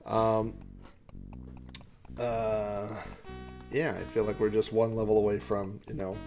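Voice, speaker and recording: A man's voice: lowish voice, little pitch movement, slow pace, a little mellow, faint music behind. A man from Oklahoma hosting a podcast, giving rambling, hesitant gameplay commentary with frequent chuckles. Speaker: podcast host.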